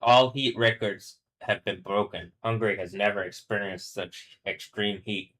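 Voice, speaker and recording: A man's voice: on the low side, steady tone, normal speed, a bit bright. A man on a live stream, rambling, swearing and restarting, who reads news aloud and stumbles over words. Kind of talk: casual live-stream monologue.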